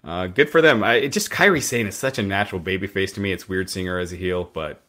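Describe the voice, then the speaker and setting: A man with a low, deep voice hosts a loose chat show. He recaps at length, with fillers and restarts along the way. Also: fast talker, sharp tone. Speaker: podcast host recapping wrestling.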